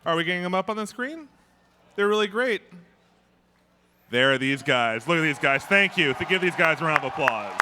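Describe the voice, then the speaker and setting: On a large convention hall stage, a man hosts a closing ceremony, reading out sponsor names while joking loosely with his co-host. His voice is on the high side, animated and sharp, at a moderate pace with frequent pauses. Crowd and room noise fill the hall recording.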